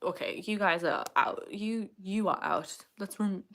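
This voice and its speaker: A woman's voice: medium pitch, fairly even intonation, unhurried, fairly bright tone. A woman, chatting casually on a livestream, answering comments in a playful, teasing way and laughing often.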